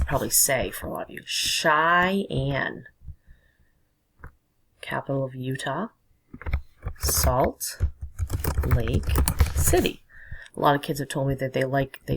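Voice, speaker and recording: A woman's voice: a bass voice, gravelly, breathy edge, low-quality recording. A woman teacher explaining a lesson patiently, talking as she draws and labels. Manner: patient, explanatory, talks while drawing. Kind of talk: recorded classroom lesson.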